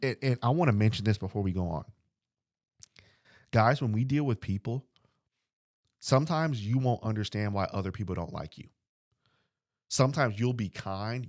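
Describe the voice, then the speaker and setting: A man's voice: lowish voice, darkish tone, no room sound, clean studio sound. A man preaching a podcast sermon in an earnest way, repeating phrases and putting questions to his listeners. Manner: acts out short dialogues.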